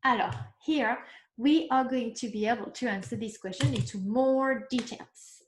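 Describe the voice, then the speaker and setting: A woman teaching a beginners' lesson, explaining slowly step by step and checking in with the class. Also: a little high, reverberant. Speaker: French teacher. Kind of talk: recorded online lesson.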